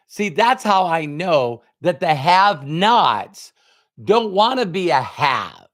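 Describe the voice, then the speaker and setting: A man's voice: on the high side, very animated, slow, a bit bright. A man giving a motivational talk, telling a personal story with emphatic quoted dialogue. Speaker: motivational speaker.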